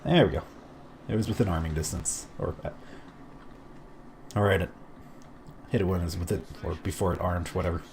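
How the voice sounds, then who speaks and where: A man's voice: low voice, brisk, long pauses, a little mellow, a little hiss or hum. A man streaming a naval game, chatting casually and rambling through self-deprecating asides. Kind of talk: casual gameplay commentary.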